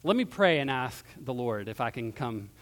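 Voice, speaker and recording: A man's voice: mid-range voice, very animated, moderate pace, natural voice. A man playing a greedy, evasive fortune teller. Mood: wheedling. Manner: casual, wheedling tone. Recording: long hall reverb.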